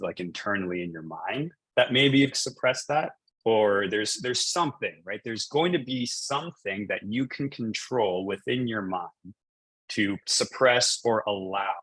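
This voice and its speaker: Husky low-voiced man in his thirties. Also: fairly bright tone, dry recording, rough recording. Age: 30s. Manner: storytelling with many fillers and restarts. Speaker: coach. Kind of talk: casual coaching conversation.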